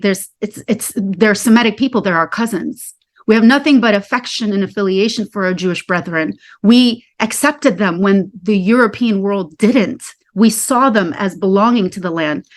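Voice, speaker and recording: A woman speaking earnestly in a discussion, impassioned, repeating phrases for emphasis. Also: medium pitch. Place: Staten Island.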